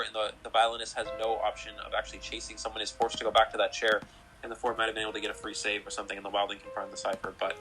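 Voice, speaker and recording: A man's voice: on the low side, pushed and bright, low-quality recording. A man casting a game tournament, breaking down plays in a hesitant way full of fillers. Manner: hesitant, filler-heavy analysis. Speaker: tournament caster. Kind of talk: casual game commentary.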